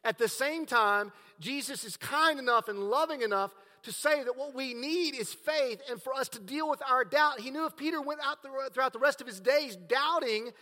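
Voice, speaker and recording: A male pastor delivers a sermon in a high, bright voice, dropping to hushed lines and then building to emphatic, raised passages. His words ring out with a long reverb, as in a large church hall. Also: normal speed, hardly any pauses. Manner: preaching with swings between hushed and emphatic.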